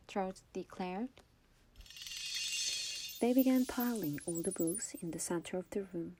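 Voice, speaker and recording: A woman, a native Korean speaker, reading a novel aloud in soft, often whispered ASMR narration. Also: lowish voice, a little slow, pauses often. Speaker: reader.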